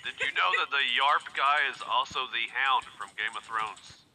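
A man's voice: mid-range voice, moderate pace, pushed and bright, slight background noise, poor audio. A man chatting casually during a party game, mostly laid-back short replies. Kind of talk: casual game-night chat.

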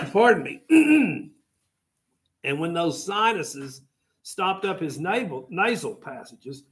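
A man's voice: high-pitched, big pitch swings, very slow, sharp tone. An older man lecturing a class, rambling and joking as he tells stories and turns to his students. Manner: rambling, jokey storytelling with asides to students. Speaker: history teacher.

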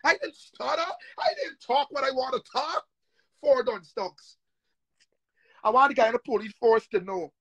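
A man on a heated livestream rant, angry, profane and repetitive, often shouting. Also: very high-pitched, normal speed, pauses often, husky, no room sound, lo-fi sound.

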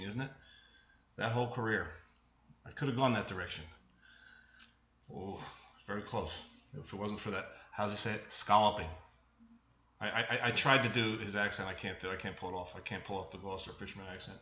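A man's voice: on the low side, quick pace, sharp tone, echoey room, highs cut off, a little hiss or hum. A man hosting a podcast, giving a rambling solo outro and correcting himself as he goes. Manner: rambling, self-correcting, chuckling. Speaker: podcast host.

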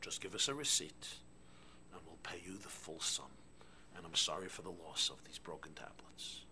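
A man acting out an earnest, apologetic male school principal in a joke, speaking softly and half-whispered. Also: sits low, moderate pace, slight background noise, voice pushed down. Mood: soothing.

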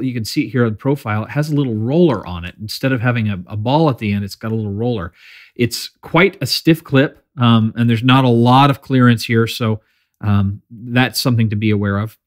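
A man hosting his own channel and giving a relaxed, chatty review of a product, with fillers and small self-corrections. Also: mid-range voice. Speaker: pen reviewer and channel host.

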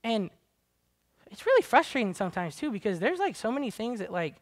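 A man's voice: very animated, brisk. Chatty preacher man, casual sermon. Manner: casual and chatty, full of "like" fillers; swings from low, quiet asides to loud, high-pitched exhortation. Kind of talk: conversational sermon.

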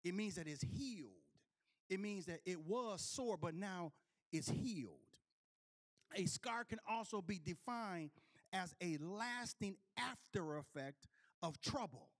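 A male preacher with a notably high voice, preaching through a personal story. He restarts his phrases again and again and keeps checking in with the congregation. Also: expressive, measured pace. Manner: repetitive restarts, calls out to the congregation. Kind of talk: storytelling sermon.

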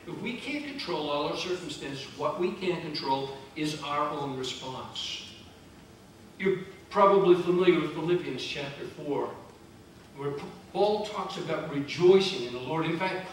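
A male pastor with a high voice delivers a sermon in a church sanctuary, preaching in a conversational yet emphatic style with repeated phrases. He's recorded from a distance in a very echoey church, with faint noise.

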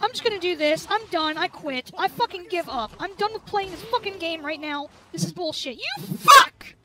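Very high-voiced raging woman gamer. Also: lively intonation, a little fast, heavy background noise. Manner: furious, swearing constantly. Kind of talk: let's play commentary.

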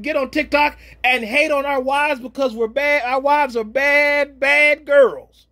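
A man who is a pastor and podcast host, giving a preachy commentary with slang asides, swinging between loud exhortation and low murmurs. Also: steady tone, measured pace, few pauses.

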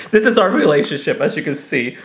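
A man, a professional hairstylist, reviewing a flat iron in a chatty, excitable, dramatic way. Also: fairly high pitch. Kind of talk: casual product review vlog.

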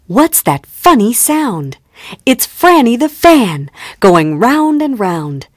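A woman reading children's phonics rhymes in a slow storybook manner, acting out the letter sounds. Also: a little high, sing-song, no echo, studio quality, faint music behind. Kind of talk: scripted narration for children.

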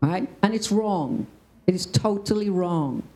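A woman's voice: medium pitch, animated, unhurried, a little mellow, poor audio. A woman speaking on a discussion panel, telling a story emphatically and checking in with "right?".

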